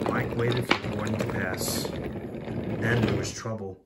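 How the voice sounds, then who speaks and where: A man's voice: lowish voice, steady tone, takes it slowly, heavy background noise. A man narrating a homemade train story casually, with rambling, jokey asides.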